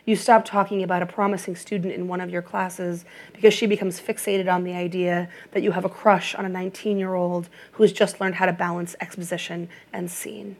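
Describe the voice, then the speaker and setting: Low, gravelly woman narrating. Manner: measured, even, restrained reading. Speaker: audiobook narrator. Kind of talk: scripted literary narration in second person.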